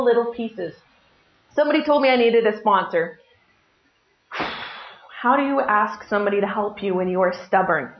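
A middle-aged woman giving a personal testimony at a recovery meeting, telling her story with lively self-mockery and acting out what people said. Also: fairly high pitch. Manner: lively, self-mocking storytelling with acted-out quotes. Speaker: speaker sharing at a recovery meeting. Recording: echoey room, dull lo-fi sound.

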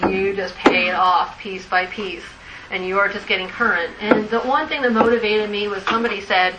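A woman candidly sharing a personal recovery story with a group, rambling, laughing often and using many fillers. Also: mid-range voice. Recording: echoey room, distant mic, noisy.

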